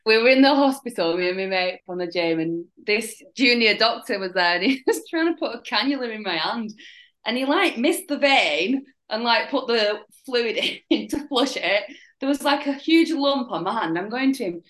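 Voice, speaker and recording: A young woman with a Northern English accent, a fitness coach talking candidly as a podcast guest, blunt and quick to laugh at dark stories. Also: a little high, lively intonation, rough recording. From Northern England. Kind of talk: casual chat.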